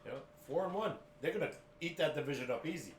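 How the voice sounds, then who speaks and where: A man's voice: fairly high pitch, animated, fast, roomy sound, a little hiss or hum. A man co-hosting a sports podcast, talking steadily and plainly, reeling off team records in casual chat. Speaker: podcast co-host, father of the other host.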